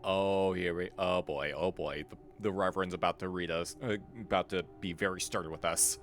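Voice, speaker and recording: A man's voice: low voice, moderate pace, fairly bright tone. A man casually commenting on a mystery game during a live stream, chatty and wry, swearing and joking with the chat.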